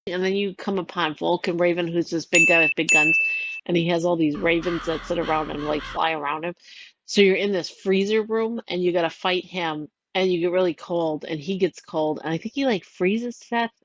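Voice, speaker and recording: A woman's voice: on the low side, steady tone, moderate pace, fairly bright tone, highs cut off. Giggly woman rambling through a story. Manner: rambling, giggly, lots of "like" and quoted voices. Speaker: storyteller recounting a game plot. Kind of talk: casual retelling.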